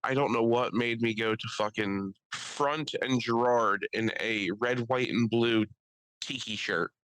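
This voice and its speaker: Bright-voiced rambling man telling stories. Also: medium pitch, unhurried, clean tone, dry recording, low-quality recording. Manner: rambling, profane, laughs often. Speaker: podcast co-host. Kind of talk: casual storytelling chat.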